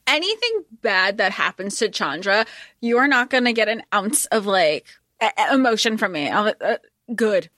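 A woman's voice: mid-range voice, expressive, moderate pace, sharp tone, dry recording, clean studio sound. A woman co-hosting a casual book podcast, giving emphatic opinions in a chatty way and laughing often. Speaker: podcast co-host.

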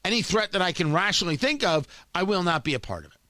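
A man's voice: high voice, sing-song, quick pace, pushed and bright, no echo. A man delivering an emphatic opinion monologue as a talk host, often repeating words as he builds a point.

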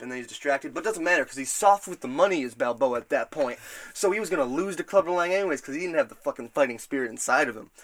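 Profane, rambling male podcast host. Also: medium pitch. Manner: profane, rambling, animated retelling. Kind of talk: casual podcast chat.

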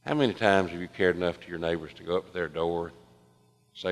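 Gravelly preacher in a big hall. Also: male voice, low-pitched, fast talker. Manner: animated, swings from loud excited telling to soft hushed storytelling. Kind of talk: sermon storytelling. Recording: long reverb of a large hall.

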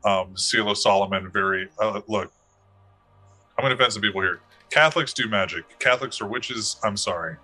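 A man's voice: lowish voice, brisk, pushed and bright, slightly rough, faint music behind. A man running a tabletop game as game master, rambling with many fillers and restarts. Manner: rambling, hesitant, full of fillers.

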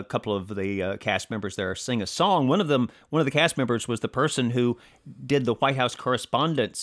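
A man co-hosting a political commentary podcast, talking in a halting way with many fillers and restarts and a sarcastic edge. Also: medium pitch. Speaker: podcast co-host.

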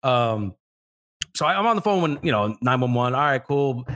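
A man's voice: medium pitch, normal speed. A man co-hosting a podcast, telling a story casually, swearing a lot and acting out the voices of the people in it. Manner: profane, animated, acts out voices. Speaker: podcast co-host.

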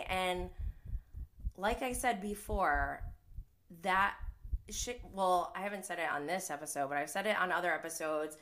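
Chatty bright-voiced woman recapping TV. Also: lowish voice, unhurried. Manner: chatty, laughing, filler-heavy. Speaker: recap host. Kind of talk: casual reality TV recap.

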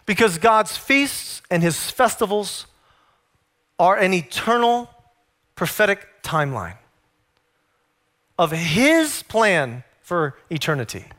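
A man's voice: sits high, sing-song, slow pace, pauses often, pushed and bright. A man preaching a sermon, emphatic and full of rhetorical questions put to his listeners.

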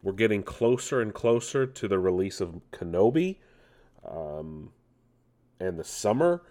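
A man hosting a relaxed nerd news show, speaking in a slightly low voice. He rambles playfully and breaks off into jokey asides to himself. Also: unhurried. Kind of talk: casual news chat.

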